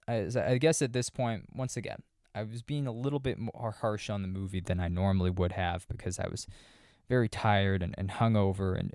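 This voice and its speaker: A man's voice: fairly low pitch, a little mellow, dry recording, clean studio sound. A man hosting a podcast, casually reviewing a horror movie in a wry, sarcastic, rambling way. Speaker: podcast host.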